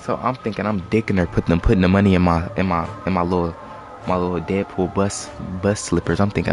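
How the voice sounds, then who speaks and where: A man's voice: deep voice, little pitch movement, fairly quick. A young man telling a story in a loose, slangy, rambling way on a casual live stream. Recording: music playing behind.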